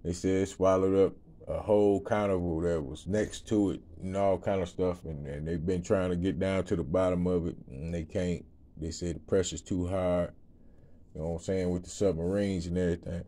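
A man's voice: low voice, steady tone, normal speed, dark tone. A man giving a loose, rambling testimony to an audience, laughing often and repeating "you know what I'm saying" in slangy speech. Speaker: ministry speaker.

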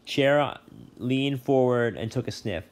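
A male teacher reading a novel chapter aloud, relaxed, with brief asides and self-corrections. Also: medium pitch, unhurried.

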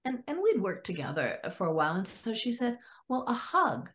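A woman psychologist, a podcast guest, telling client stories and acting out their words in lively quoted voices. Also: a little high, brisk. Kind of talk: storytelling in a podcast interview.

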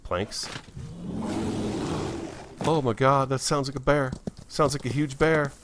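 A man's voice: mid-range voice, slow pace, a bit bright, slight background noise. A man giving casual, chatty commentary while playing a game, talking to himself and easily startled. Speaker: gameplay video host.

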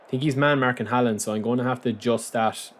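A young man giving casual, excitable commentary over a football video game he is playing. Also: medium pitch, fast. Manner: excitable, reacting loudly to plays. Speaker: gaming YouTuber.

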